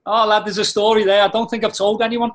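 Scouse bloke, ex-footballer, swearing his way through stories, bit higher voice. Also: quick pace. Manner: blunt, swearing, animated storyteller with slang. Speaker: podcast guest, former footballer. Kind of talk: casual storytelling chat.

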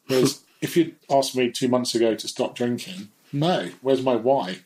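A man's voice: mid-range voice, moderate pace, darkish tone, low-quality recording. A man speaking as a guest in a candid, reflective conversation, sometimes laughing at himself. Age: adult.

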